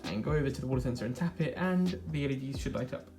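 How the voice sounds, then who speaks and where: A man's voice: mid-range voice, animated, rapid-fire. A man casually narrating a DIY vlog, upbeat and explaining each step as he tinkers. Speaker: maker demonstrating a project. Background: faint background music.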